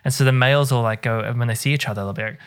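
A co-host of a podcast, chatting casually and quick to laugh. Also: mid-range voice, steady tone, smooth. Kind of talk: casual chat.

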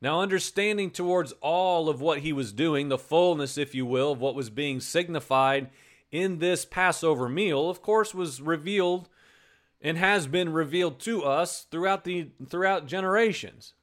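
High-pitched man preaching conversationally. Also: normal speed. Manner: conversational, repeats words, acts out quotes. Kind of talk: sermon.

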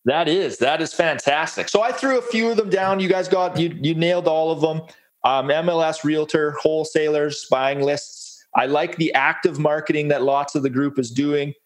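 A man's voice: on the high side, normal speed. A man presenting a real estate case study on a webinar, upbeat and folksy, walking through steps. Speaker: guest presenter.

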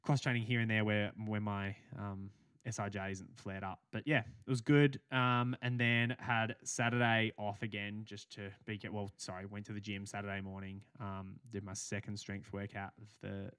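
A man's voice: lowish voice, little pitch movement, moderate pace, fairly bright tone, smooth, no echo. A young adult Australian man co-hosting a podcast, rambling through a story with casual swearing and laughs. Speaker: podcast co-host. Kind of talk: casual chat.

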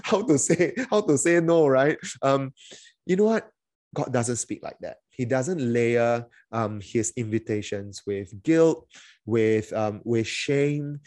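A man preaches a sermon as a pastor, chatty and full of fillers, restarts and little acted-out quotes. His voice sits in an ordinary middle pitch and the recording is dry and close, with no room sound. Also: darkish tone, dry recording.

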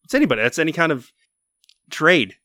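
A man's voice: fairly high pitch, very animated, fairly quick, pushed and bright, dry recording, clean studio sound. A man co-hosting a podcast in casual chat, laid-back and joking, with reassuring advice. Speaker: podcast co-host.

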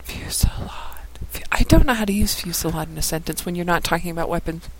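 A man's voice: sits high, fast talker, low-quality recording. A man co-hosting a podcast, rambling goofily while watching a film. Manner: rambling, goofy commentary. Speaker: podcast co-host. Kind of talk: casual chat.

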